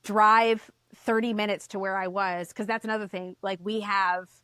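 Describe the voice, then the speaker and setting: A woman guest on a podcast, telling a story in casual chat, animated, swearing and acting out the voices she quotes. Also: mid-range voice, normal speed, clean tone, no echo, studio quality.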